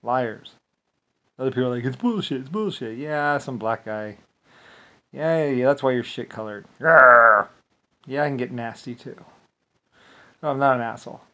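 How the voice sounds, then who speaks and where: A man talking alone in a loose, rambling rant at an ordinary middle pitch. He swears freely and waves things off with filler, one thought spilling into the next. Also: fairly even intonation, normal speed, pauses often. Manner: profane, dismissive rant with frequent filler. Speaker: channel host. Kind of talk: rambling solo monologue.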